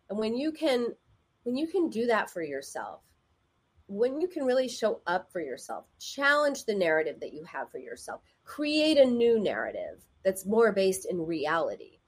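Give me a husky-voiced woman therapist chatting casually as she gives advice. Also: fairly high pitch. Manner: conversational, acts out quoted voices.

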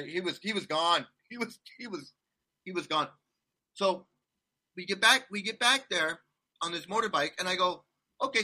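A man's voice: high-pitched, bright, forceful tone. A man telling a rambling travel story in casual chat, laughing often and restarting his sentences. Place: condo abroad.

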